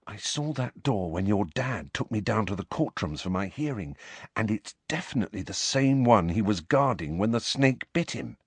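A man's voice: on the low side, lively intonation, normal speed, husky, no echo. Man voicing a shaky teenage boy wizard. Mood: urgent whisper. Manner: hushed, urgent, shaky. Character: troubled teenage boy wizard, tense and quiet. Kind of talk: audiobook character voice.

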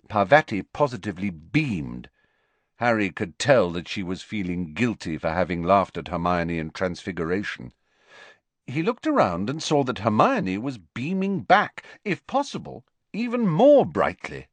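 A man's voice: fairly low pitch, big pitch swings, measured pace, no echo. A man reading a novel aloud as audiobook narrator, telling the story expressively. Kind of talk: scripted narration.

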